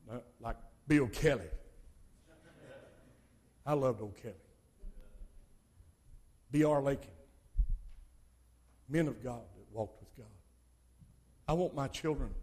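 An older man preaching a sermon as pastor, swinging between loud exhortation and quiet asides. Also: mid-range voice, breathy edge.

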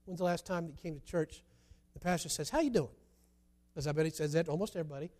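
A man preaching a sermon, telling a story with lively swings between loud emphasis and quiet, low asides. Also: racing.

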